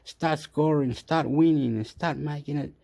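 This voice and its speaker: A man from Chile, ranting in a rambling, excitable way as a vlogger who swears and laughs often, recorded on a phone. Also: a little high, unhurried, vocal fry. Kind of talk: casual rambling rant.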